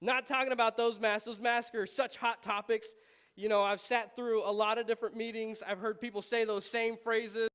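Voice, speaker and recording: A man, a pastor, preaching a conversational sermon in a relaxed, chatty way, often laughing and with frequent ums. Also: high voice, moderate pace, smooth.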